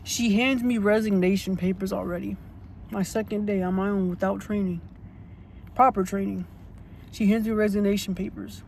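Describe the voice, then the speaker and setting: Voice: mid-range voice, steady tone, normal speed, vocal fry, a little mellow, slight background noise. A casual storytime vlogger who tells a story bluntly and indignantly, swears freely and repeats points for emphasis.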